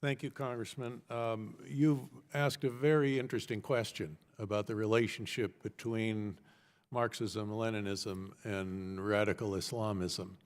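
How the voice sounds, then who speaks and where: Measured man lecturing at a hearing. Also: fairly low pitch, fairly even intonation. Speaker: expert witness. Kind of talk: congressional testimony. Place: congressional hearing room. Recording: reverberant hearing room.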